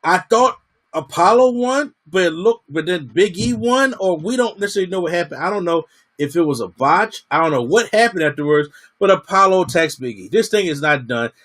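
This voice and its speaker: Guy doing a wrestling review, kinda high voice, slangy and animated. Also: brisk. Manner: animated, slangy, acts out quotes. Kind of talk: casual review monologue.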